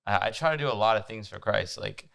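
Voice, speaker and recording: A man's voice: lowish voice, fast talker, gravelly, a bit bright, no echo. A young man from France hosting a casual faith podcast, earnest and using "like" a lot. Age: young adult. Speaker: podcast host. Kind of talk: casual chat.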